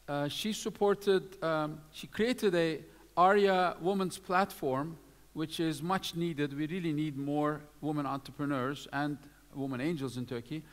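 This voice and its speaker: A man's voice: on the high side, a little slow. A man presenting awards at a live event, reading out lists of names with many fillers. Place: event hall. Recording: long hall reverb.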